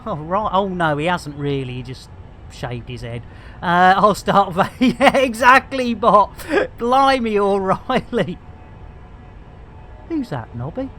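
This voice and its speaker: A man's voice: high-pitched, big pitch swings, slow pace, bright, forceful tone, slight background noise. A man giving comic, theatrical commentary while streaming a game. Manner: jokey, theatrical, stand-up patter.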